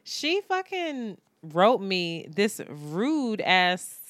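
A woman's voice: medium pitch, sing-song, extremely slow, fairly bright tone, no echo, studio quality. A woman co-hosting a podcast in casual chat, teasing, laughing often and swearing freely. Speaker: podcast co-host.

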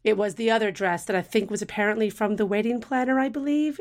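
A woman with an Australian accent, co-hosting a podcast in casual, animated chat and laughing often. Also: medium pitch, fast talker, hardly any pauses. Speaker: podcast co-host.

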